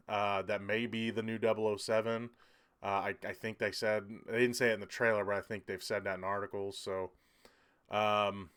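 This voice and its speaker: A man's voice: fairly low pitch, a bit bright, smooth. A man hosting a casual livestream, reading out viewer comments and rambling with lots of hesitations. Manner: rambling, hesitant, many ums and restarts. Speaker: livestream host.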